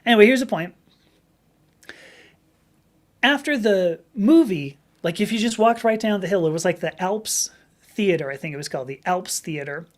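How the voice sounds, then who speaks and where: Chatty woman with a slightly rough voice. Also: mid-range voice, lively intonation, moderate pace, pauses often. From Southern California. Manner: rambling, chatty storytelling with many restarts. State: slightly rough voice from long talking. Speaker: live stream host. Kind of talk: casual live-stream chat reading viewer comments.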